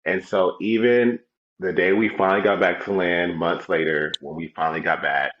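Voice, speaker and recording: A man's voice: low voice, steady tone, moderate pace, roomy sound, dull audio. A young man co-hosting a casual podcast, talking in a loose, laid-back way and swearing freely. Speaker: podcast co-host. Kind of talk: casual chat.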